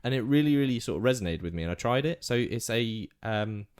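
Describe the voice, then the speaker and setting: A man's voice: mid-range voice, animated, fast talker, a little mellow, clean tone. A man co-hosting a podcast in casual chat, rambling and laughing often. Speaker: podcast co-host.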